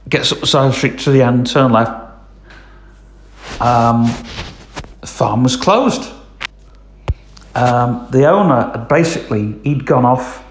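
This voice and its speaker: A man's voice: medium pitch, slow pace, pauses often, roomy sound. A man telling a long casual story, rambling with lots of ums and "I says". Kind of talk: casual spoken anecdote.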